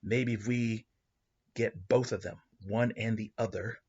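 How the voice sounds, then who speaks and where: A man's voice: lowish voice, steady tone, a little slow, a little mellow, slightly rough. A man playing a calculating corporate chemist. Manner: musing, calculating. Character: scheming male corporate chemist. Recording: dull lo-fi recording.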